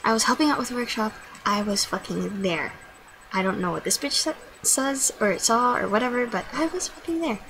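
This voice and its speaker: A woman's voice: a little high, moderate pace, fairly bright tone, a little hiss or hum, poor audio. Profane ranting teenage girl vlogging. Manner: profane, blunt storytelling with quoted dialogue. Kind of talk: casual vlog rant.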